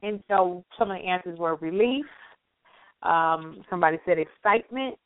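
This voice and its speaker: A woman co-hosting a late-night radio talk show, chatting casually and reading shout-outs. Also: fairly low pitch, moderate pace, dry recording. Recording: dry phone-line sound.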